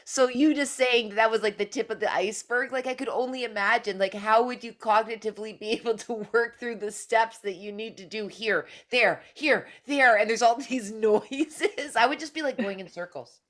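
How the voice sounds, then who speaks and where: A woman co-hosting a casual chat, speaking reflectively and trailing off softly. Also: a little high, moderate pace, hardly any pauses. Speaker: podcast co-host.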